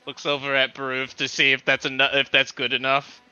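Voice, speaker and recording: A man narrating his actions in a tabletop role-playing game in a playful, halting way. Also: mid-range voice, monotone, pushed and bright, clear, resonant tone, no echo, highs cut off, soft background music. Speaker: player.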